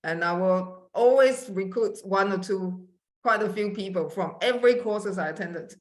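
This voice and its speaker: A woman's voice: mid-range voice, normal speed. A woman guest on a Zoom call, answering questions about her network marketing work in a casual, plain-spoken way, with hesitant fillers. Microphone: video call.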